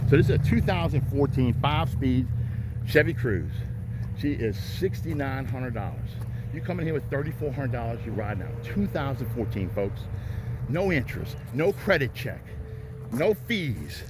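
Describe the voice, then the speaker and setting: A man's voice: medium pitch, lively intonation, normal speed. A man selling used cars on an outdoor lot, talking folksy and hyping his deals to viewers as he walks from car to car. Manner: folksy, hypes deals, repeats "riding out" and "folks". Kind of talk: walk-around car sales pitch. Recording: faint outdoor noise.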